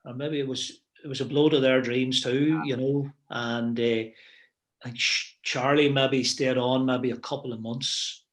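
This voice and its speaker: A middle-aged football manager reminiscing in a casual interview, rambling with plenty of "you know" and restarts. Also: male voice, medium pitch, steady tone, unhurried.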